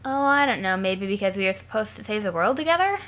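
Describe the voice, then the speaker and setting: A woman's voice: mid-range voice, expressive, fast talker, fairly bright tone, close to an everyday voice. A woman voicing an irritable, sarcastic young male troll in a crude, snide manner, close to her own voice.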